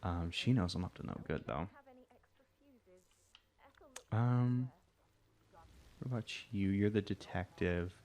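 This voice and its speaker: A man's voice: sits low, slow pace, pauses often, a little mellow. A man hosting a let's play, giving casual gameplay commentary and thinking aloud in a rambling way full of fillers.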